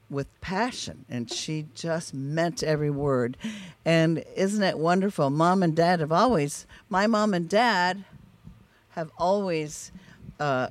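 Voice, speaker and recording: A man sharing a fond, halting testimony with a congregation. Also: fairly high pitch. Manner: halting, fond, many fillers. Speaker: church member sharing. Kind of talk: casual church testimony.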